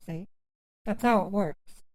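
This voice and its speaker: Stammering woman with a mellow voice. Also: mid-range voice, dry recording, rough recording. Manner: halting, stammering, full of fillers and restarts. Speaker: scambaiter posing as a victim. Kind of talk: rambling phone call.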